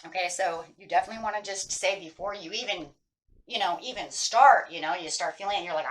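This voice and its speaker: A woman's voice: on the low side, brisk, fairly bright tone, rough recording. A woman tarot reader giving casual spiritual advice, earnest and emphatic, who keeps checking in with her listeners by asking "right?". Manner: earnest, emphatic, repeats key phrases.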